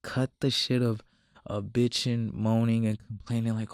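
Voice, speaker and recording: A man's voice: mid-range voice, moderate pace, vocal fry, a little mellow, no echo, clean studio sound. A man talking casually to camera, slangy and profane, repeating himself and mocking others in quoted asides. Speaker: self-improvement commentator.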